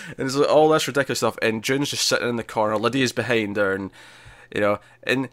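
A man hosting a podcast, retelling a TV episode in casual chat, animated and laughing, with many fillers and restarts. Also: medium pitch, racing, no echo. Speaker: podcast host reviewing a TV episode.

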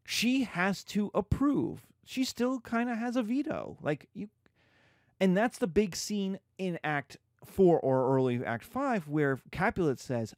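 Animated male history lecturer. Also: high-pitched, a little slow, no echo, studio quality. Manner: animated, conversational, acts out scenes. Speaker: history teacher. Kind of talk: classroom lecture.

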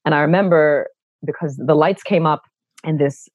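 A middle-aged woman from Brooklyn with a low contralto voice, telling her stories expressively as a guest in a conversational interview. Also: moderate pace, no room sound. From Brooklyn, New York. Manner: expressive, animated storyteller who acts out quoted voices. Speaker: guest, actor and educator.

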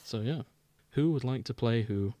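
A man's voice: medium pitch, normal speed, mellow, dry recording. An English man hosting a casual podcast chat, easygoing and organizing, often chuckling. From England. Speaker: podcast host.

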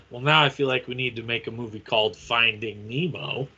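A man co-hosting a podcast, tossing in wry quick asides. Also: mid-range voice, bright, forceful tone, slightly rough. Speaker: podcast co-host. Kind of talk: casual chat. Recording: dull lo-fi sound.

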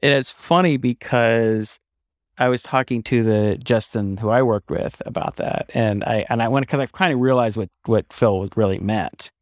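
Animated, emphatic male podcast host. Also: mid-range voice, normal speed, no room sound, studio quality. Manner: emphatic, animated storytelling with frequent restarts. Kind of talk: casual chat.

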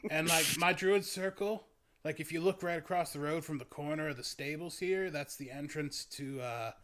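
A dreamy stoner druid, young and male, rambling along in a slightly high, easygoing drawl, as a man plays him in a tabletop game. He loses his thread constantly, padding everything with "like" and "man". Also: normal speed, a bit bright, close to an everyday voice. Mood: spacey. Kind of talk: tabletop role-play character voice.

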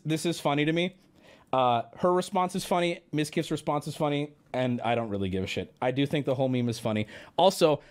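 On a live stream, a young man casually riffs and rants, rambling and swearing, with sudden high, squeaky outbursts.

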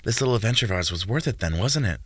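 A man's voice: fairly low pitch, lively intonation, rapid-fire, husky, dry recording. A man narrating a storybook, voicing a young woman investigator who speaks hesitantly and defiantly. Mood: relieved. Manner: hesitant, faltering then firm.

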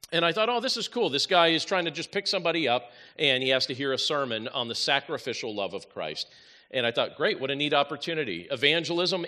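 A pastor preaching a sermon, telling a story with lively asides and dry humor. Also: male voice, mid-range voice.

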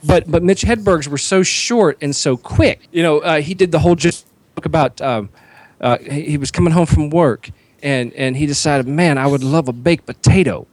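A man's voice: on the high side, moderate pace, darkish tone, no echo. A man co-hosting a comedy podcast, animatedly retelling comedians' jokes in casual chat.

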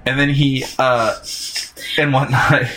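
A man's voice: medium pitch, flat delivery, slow pace, bright, forceful tone, slight background noise. A man in casual chat, recapping a cartoon episode in a rambling way with lots of fillers.

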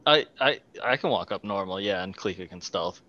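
A man chatting casually as a player in a tabletop game, relaxed and offhand. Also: low voice, normal speed, muffled recording.

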